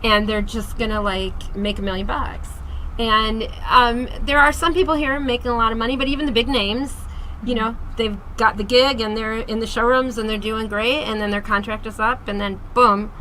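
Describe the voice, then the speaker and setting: A woman's voice: a little high, steady tone, normal speed, sharp tone, a little hiss or hum, poor audio. A woman hosting a casual interview, chatty and upbeat, giving a singer's advice. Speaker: host and singing teacher. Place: Las Vegas.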